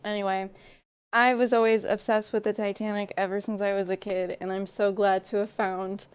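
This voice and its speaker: A woman's voice: medium pitch, little pitch movement, normal speed, smooth, no echo. A young woman streaming a game, chatting casually, swearing freely and laughing often. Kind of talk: casual livestream chat while gaming. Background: game music.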